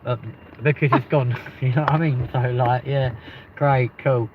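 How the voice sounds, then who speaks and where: A man's voice: medium pitch, little pitch movement, moderate pace. A man with a London accent hosting a live stream, chatting casually in rambling banter and swearing freely. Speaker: livestream host. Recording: muffled lo-fi with faint noise.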